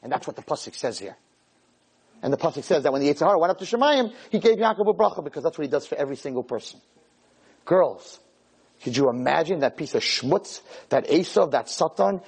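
A man giving a lively Torah sermon to a class of girls, telling stories and acting out the dialogues, in a room with a live audience. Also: on the high side, fairly quick, husky. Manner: animated, storytelling, acts out dialogues. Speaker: Torah lecturer.

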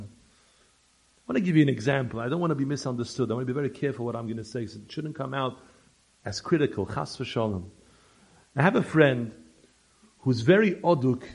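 Gravelly husky man giving a Torah talk. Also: medium pitch. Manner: animated storyteller who acts out the people he quotes; mixes Yiddish and Hebrew terms into English. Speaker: Torah teacher.

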